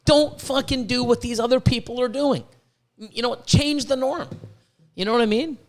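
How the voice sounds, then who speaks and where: A Canadian podcast host with a very high-pitched voice speaks at a moderate pace. He rants casually in a worked-up, profane way, stammering into restarts and repeating words.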